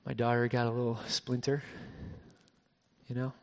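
A man preaching a sermon as pastor, shifting between soft hushed passages and raised emphatic ones, often repeating words as he restarts. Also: medium pitch, flat delivery, normal speed, long reverb tail. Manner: frequent word repeats and restarts.

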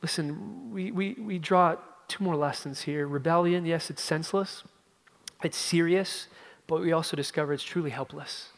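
A pastor delivers a sermon in a large hall, his delivery emphatic and dramatic as his voice swings between loud outbursts and hushed, low passages. He speaks at a normal speed with some vocal fry.

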